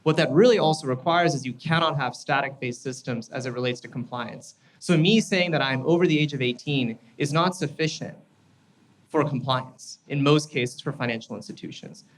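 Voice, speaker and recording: A man's voice: mid-range voice, normal speed, low-quality recording. A man from the United States speaking as a panelist, explaining in a conversational way and often checking in with "right?". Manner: conversational, explanatory, tag questions. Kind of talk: panel discussion.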